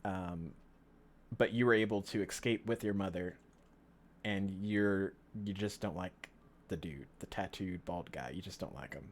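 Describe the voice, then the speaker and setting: A man's voice: sits low, unhurried. A man running a tabletop game as game master, narrating casually with lots of fillers. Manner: laid-back, filler-heavy narration.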